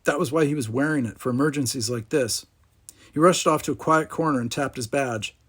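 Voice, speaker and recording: Husky man reading a storybook aloud. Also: mid-range voice, brisk. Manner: animated, distinct voices for each character. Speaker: narrator.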